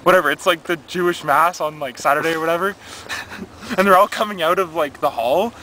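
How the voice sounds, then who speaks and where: A man's voice: on the high side, a little fast, pushed and bright, a little hiss or hum. A young man telling a comedic story casually, rambling with fillers and stifled laughs. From Canada. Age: young adult.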